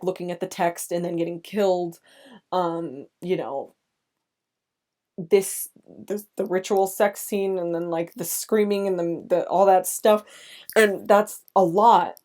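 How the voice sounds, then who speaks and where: A young woman hosting a podcast, recapping a film in casual chat, speaking in halting restarts with nervous laughs as she gets emotional. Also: lowish voice, mellow. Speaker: podcast host.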